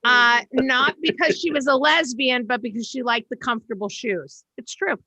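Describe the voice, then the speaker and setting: A stand-up comedian from Boston, USA, performs a brash, self-deprecating set on a video call from home. Her fairly high voice holds a steady tone at a moderate pace over a noisy background.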